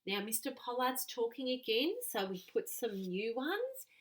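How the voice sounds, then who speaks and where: A woman teacher patiently explaining a writing lesson to young children, reading out examples in a clear, animated way. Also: a little high, unhurried.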